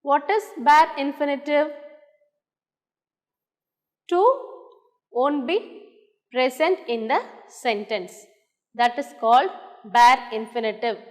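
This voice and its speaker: A woman's voice: sits high, takes it slowly, long pauses. A woman with a Tamil English accent teaching an English grammar lesson, dictating examples word by word. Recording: roomy hall with long echo.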